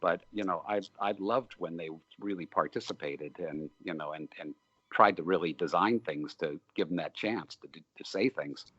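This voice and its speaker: A man's voice: low voice, normal speed, a bit bright, dry recording, lo-fi sound. An older man, a film director, answering interview questions in a rambling, storytelling way with many fillers. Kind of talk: relaxed interview talk.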